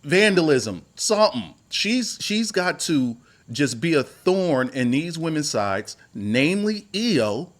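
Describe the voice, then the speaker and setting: A man, a wrestling YouTuber, giving casual opinion commentary in a rambling, animated way that repeats itself. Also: a little high, takes it slowly, few pauses. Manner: rambling, animated, repeats himself, voice jumps up when worked up.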